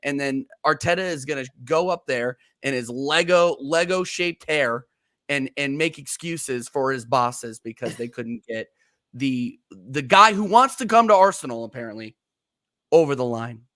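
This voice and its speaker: A man's voice: medium pitch, expressive, normal speed, a bit bright, no echo, studio quality. A man co-hosting a casual football talk show, ranting heatedly and stumbling over repeated words. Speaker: co-host of a football podcast. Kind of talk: casual chat.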